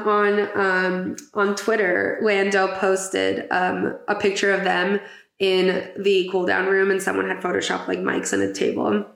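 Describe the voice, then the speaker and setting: A woman's voice: medium pitch, vocal fry, a bit bright, reverberant. A woman hosting a podcast in casual chat, chatty and giggly with lots of fillers. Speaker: podcast host.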